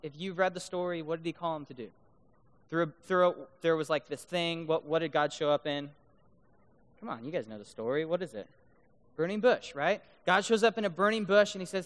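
High-voiced man preaching in a reverberant hall. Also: moderate pace. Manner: animated, keeps asking the crowd "right?"; mock-incredulous joking. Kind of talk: lively sermon to a live congregation. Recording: long reverb of a big hall.

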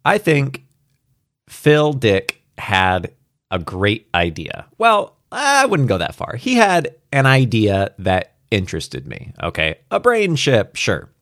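This audiobook reader has a mid-range, slightly bright voice that moves slowly and swings widely in pitch. The studio recording is dry and clean. He reads a sci-fi story and afterward talks about it loosely, laughing and using fillers.

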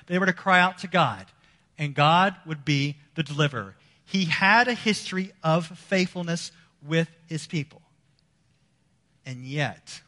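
Male pastor, fairly high and bright voice, dramatic preaching, reverberant church hall. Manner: dramatic shifts between loud emphasis and hushed lows. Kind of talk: sermon.

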